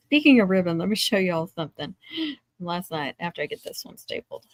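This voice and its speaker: A woman hosting a craft live stream chats casually at her home craft table, dropping dry, sarcastic asides. Her voice is on the low side and animated, moving at a moderate pace. There's no room sound.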